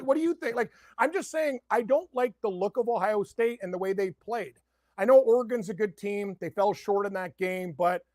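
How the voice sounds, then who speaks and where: A middle-aged man with a notably high voice riffs on his betting picks, rambling and excitable. He keeps throwing out rhetorical questions, and the sound is dry and close with no room around it. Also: no room sound. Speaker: sports betting guest. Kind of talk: casual sports betting chat.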